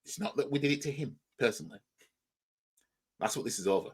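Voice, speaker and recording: A man's voice: mid-range voice, lively intonation, fast, a little mellow, slightly rough. A man with a Yorkshire accent, hosting a reaction channel and mockingly commenting on a clip, often asking "you know what I mean".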